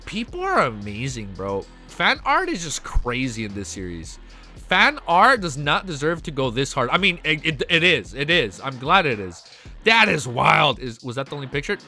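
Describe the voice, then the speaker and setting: A man live-streaming his reactions, excitable and hyped, with casual slang and swearing. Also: a little high. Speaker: streamer reacting to a web novel.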